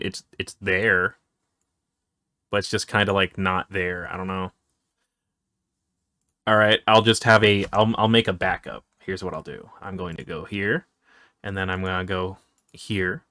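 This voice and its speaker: A low-voiced man running a tabletop game, often talking half to himself as he clicks through menus. The sound is dry and close, with no room around it. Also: fairly even intonation, moderate pace, pauses often, no room sound. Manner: mutters to himself while clicking through software. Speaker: game master. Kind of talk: casual chat while setting up a tabletop game.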